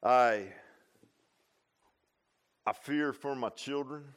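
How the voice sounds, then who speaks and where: An older man preaching a sermon in a folksy, animated way, dropping from quiet asides to loud exclamations and tossing in "huh?" and "man.". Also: mid-range voice, extremely slow. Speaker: pastor.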